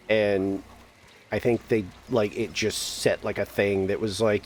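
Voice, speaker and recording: A man's voice: lowish voice, little pitch movement, moderate pace, a little mellow, a little hiss or hum. A man chatting casually while gaming with friends, laughing often and rambling through restarts. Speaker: stream co-player.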